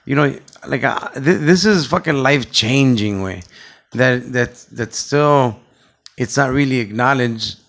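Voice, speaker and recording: A man's voice: mid-range voice, measured pace, creaky, a bit bright. A man co-hosting a casual podcast, talking loosely and profanely and slipping between English and Spanish, with a Chicago accent. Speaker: podcast co-host.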